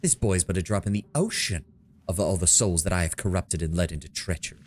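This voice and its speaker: A man's voice: low voice, fairly quick, a little hiss or hum, close to an everyday voice. A man voicing a cruel, gloating female demon cultist, reading game dialogue aloud in a mocking, theatrical way.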